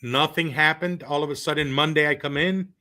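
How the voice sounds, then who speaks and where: A man in his thirties guests on a sports podcast and recounts his playing days. His voice is bright and forceful, and his delivery is loose and animated. He leans on fillers and breaks into laughter. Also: on the high side, fairly quick. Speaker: former college baseball player, guest. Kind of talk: casual storytelling on a podcast.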